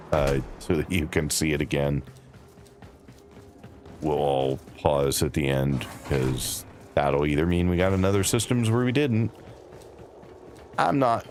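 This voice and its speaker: A man's voice: sits low, a little mellow. A man streaming a game, chatting with his viewers in a dry, wry, casual way. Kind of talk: casual live-stream commentary.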